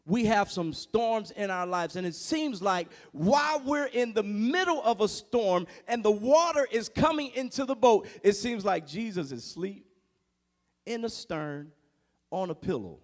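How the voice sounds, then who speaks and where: A man preaching a sermon, building from hushed tones to shouting, firing rhetorical questions at the congregation. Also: high voice, lively intonation, measured pace. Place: large church sanctuary. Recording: long reverb of a church hall.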